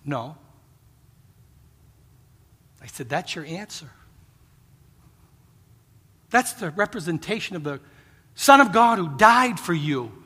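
Lively high-voiced man preaching in a hall. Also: slow pace, long pauses, breathy edge. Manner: storytelling, earnest pleading with laughs. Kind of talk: sermon. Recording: long reverb of a hall.

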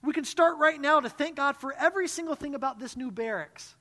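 A woman voicing a devout, gentle young woman prisoner who speaks with bright, earnest encouragement. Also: high voice, very animated, unhurried, voice pushed up. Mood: joyful. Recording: long hall reverb.

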